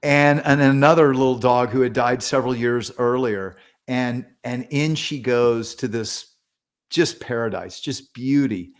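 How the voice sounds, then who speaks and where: A man's voice: medium pitch, a little slow. A man, a pastor and author as a podcast guest, retelling accounts earnestly and acting out the voices of the people in them. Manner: earnest, animated retelling with quoted dialogue. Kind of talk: storytelling in a podcast interview.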